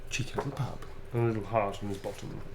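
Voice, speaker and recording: A man's voice: fairly low pitch, quick pace, vocal fry, noisy background. A man chatting casually and swearing freely as he teases his co-player. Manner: animated, swears freely, teasing. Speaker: co-host and game player. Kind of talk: casual chat while signing notes.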